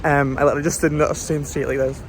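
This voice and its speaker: Fast-chatting young guy vlogging. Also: a little high, level tone, slight background noise. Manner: chatty, rambling, lots of fillers. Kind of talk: casual travel vlog talk.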